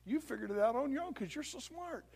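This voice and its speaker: A sly male devil who coaxes and flatters in a soft, confiding hush, as a preacher puts him on. The voice sits high and swoops around, with a gravelly, husky edge to it. It is a sermon told with acted voices. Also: fast, full character voice. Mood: sly flattering. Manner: coaxing, confiding, hushed and flattering.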